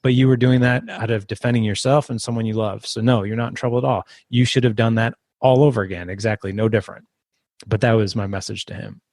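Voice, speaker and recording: Low-voiced man telling a story. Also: quick pace, gravelly, no room sound, studio quality. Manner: rambling, restarts, animated when quoting. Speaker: podcast guest. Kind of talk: casual storytelling interview.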